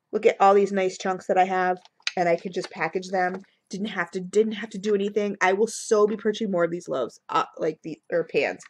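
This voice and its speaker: A woman with a cold, rambling excitedly through a casual review at home, recorded on her computer mic. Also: on the low side. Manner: gushing, rambling, many fillers. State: has a cold. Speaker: vlogger reviewing wax melts.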